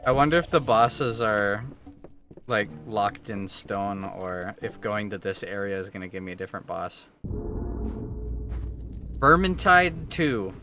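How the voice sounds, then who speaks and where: Excitable, swearing male game streamer. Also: lowish voice, moderate pace. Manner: excitable, profane, joking. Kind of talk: live gameplay commentary. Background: game music.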